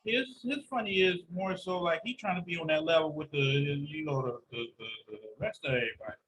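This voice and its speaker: High bright guy on a podcast, animated storyteller, cusses a lot. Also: a little fast, a little hiss or hum, poor audio. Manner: animated storytelling, heavy profanity. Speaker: podcast host. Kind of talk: casual podcast chat.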